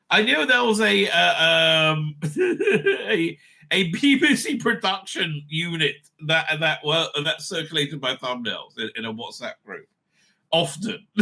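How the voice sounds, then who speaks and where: A man's voice: sits high, gravelly, pushed and bright. A man hosting his own online show, rambling in a loose, profane, laughing commentary style. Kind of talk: casual ranting commentary.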